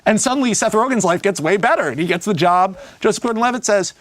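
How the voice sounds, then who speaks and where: A man, a screenwriter, talking casually in an interview and acting out scenes as he pitches a film. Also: dry recording. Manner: animated storyteller who acts out scenes; speaks in fast bursts with many "like" fillers.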